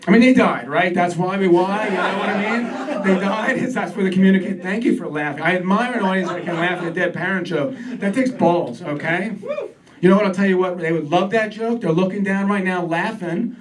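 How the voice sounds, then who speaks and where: A man's voice: sits high, brisk. A man performing a stand-up set in a comedy club, sardonic and self-deprecating, who gets worked up as he rants. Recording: distant mic with a laughing crowd.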